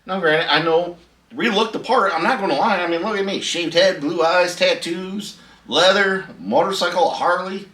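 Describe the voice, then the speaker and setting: A man's voice: sits high, moderate pace, pushed and bright, recorded from a distance. A middle-aged man, hosting a casual storytelling vlog in a laid-back, chatty way and laughing at his own story. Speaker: host. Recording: echoey room, voice a bit off-mic.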